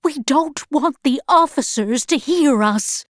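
A woman reading aloud, voicing a stern, cautious woman who hushes the others. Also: high voice, animated, slow pace, no echo, clean studio sound. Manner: hushed, urgent.

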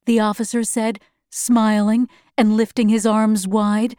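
A woman narrating a story in a measured, even way. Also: on the high side, smooth, no echo, studio quality.

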